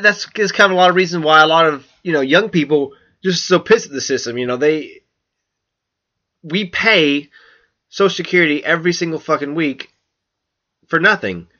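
Rambling, bright-voiced male podcaster. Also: on the high side, expressive, normal speed, pauses often, highs cut off. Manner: rambling, profane, self-mocking, full of ums and restarts. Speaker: podcast host. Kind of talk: casual solo podcast chat.

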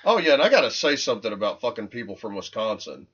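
A man's voice: mid-range voice, big pitch swings, quick pace, a bit bright, breathy edge, muffled recording. A man co-hosting a casual podcast, ranting in a profane, rambling way. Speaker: podcast co-host.

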